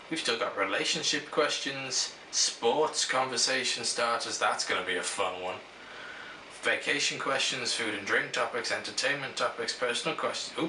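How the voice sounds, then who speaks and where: Speaking in a bright, forceful medium-pitched voice, this young man answers on-screen questions and wanders through his stories, cutting himself off to restart. It's a casual to-camera chat captured from a distance in an echoey room, with slight background noise.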